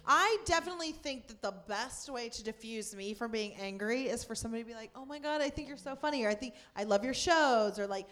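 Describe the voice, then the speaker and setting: A woman's voice: on the high side, animated, fast, hardly any pauses, fairly bright tone. A woman co-hosting a casual chat, answering with dry, short jokes.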